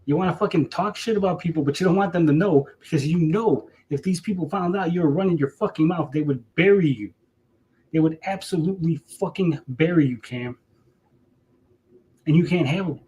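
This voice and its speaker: A man's voice: on the high side, a little fast, darkish tone, rough recording. A man delivering a heated, profane callout rant to camera, repeating himself and mocking his target. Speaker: streamer.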